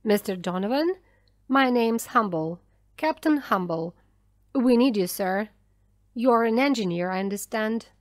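A woman reading a storybook voices a loud, overbearing male ship's captain who pushes his men around. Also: a little high, lively intonation, unhurried, dry recording, clean studio sound. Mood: commanding.

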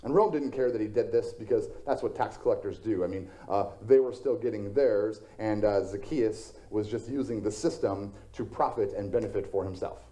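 A man's voice: on the low side, moderate pace, hardly any pauses, mellow. A male pastor preaching a sermon in a conversational storytelling way, slipping in self-deprecating jokes.

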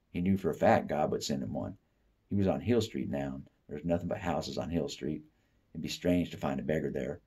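A man from the Appalachian South giving a steady, unhurried literary reading of a short story. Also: extremely low pitch, slightly rough. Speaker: author reading fiction.

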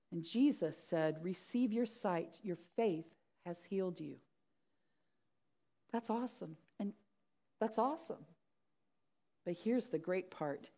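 A woman's voice: medium pitch, vocal fry, darkish tone. A middle-aged woman pastor preaching a sermon, acting out the story's voices with animation.

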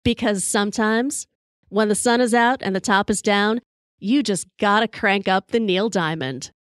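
A woman's voice: mid-range voice, normal speed, no room sound, clean studio sound. A woman hosting a podcast, telling wry, profane stories in a conversational monologue while sipping whiskey. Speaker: podcast host.

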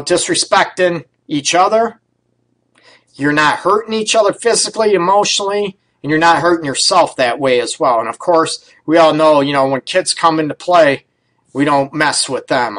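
A man's voice: a little high, fairly bright tone, poor audio. Blunt, chatty male relationship counselor. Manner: conversational, frequent "right?" and "you know", blunt with mild swearing. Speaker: relationship counselor and radio host. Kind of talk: casual radio advice talk.

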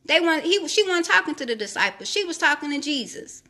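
A woman's voice: sits high, big pitch swings, fast, bright, forceful tone. A woman preaching a devotional, reading scripture and urging listeners to trust God, with repeated phrases for emphasis. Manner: reads scripture aloud, then comments on it. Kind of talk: sermon-style devotional teaching.

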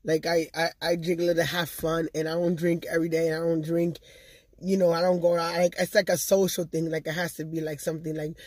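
A woman's voice: deep voice, level tone, quick pace, a little mellow, dry recording. Talkative woman vlogger, casual and chatty to camera, close dry sound. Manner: chatty, talkative, loves to gab. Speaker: vlogger and channel host. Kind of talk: casual vlog chat to viewers.

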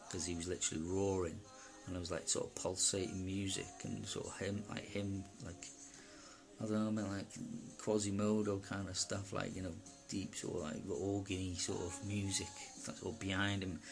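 A man from Wales recounting a personal experience in a rambling, halting way, full of fillers and asides. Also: low voice, level tone, gravelly, over music. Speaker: personal testimony speaker.

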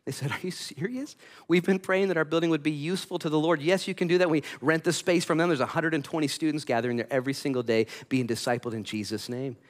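A male pastor preaching a sermon in a church sanctuary, telling the story with animated, conversational energy. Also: a little high, quick pace, few pauses. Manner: animated storytelling, voices Bible characters in quotes.

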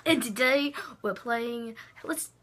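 A woman's voice: fairly high pitch, slow, very noisy. A woman doing a hyped Irish-lilting male gamer. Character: cheery young male gamer with put-on Irish lilt.

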